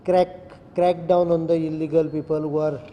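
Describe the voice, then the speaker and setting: A middle-aged man with an Indian English accent gives a firm, deliberate press statement as chief minister, reading out legal sections one by one. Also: on the high side, flat delivery, highs cut off. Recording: echoey room, faint background noise.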